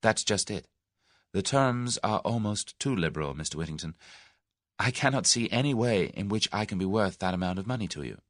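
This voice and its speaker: A man reading an audiobook voices a spirited, wary young Englishwoman, raising his voice and giving quick, plucky retorts. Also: on the low side, animated, fairly bright tone, no echo, studio quality. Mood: firm.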